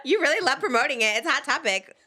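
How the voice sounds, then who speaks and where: A woman's voice: sits high, expressive, fast talker, pushed and bright. A young adult woman hosting a podcast in casual chat, bubbly and rambling, laughing often. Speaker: podcast host.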